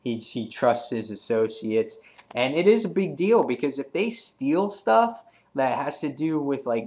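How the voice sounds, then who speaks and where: Man, comic reviewer, casual chat, rambling, lots of fillers, average pitch. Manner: rambling, many fillers, acts out quotes.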